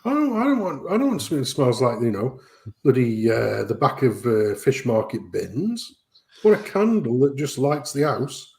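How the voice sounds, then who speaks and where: A man co-hosting a casual stream chat, ranting and swearing in an animated way. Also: medium pitch, normal speed, gravelly. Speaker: stream co-host.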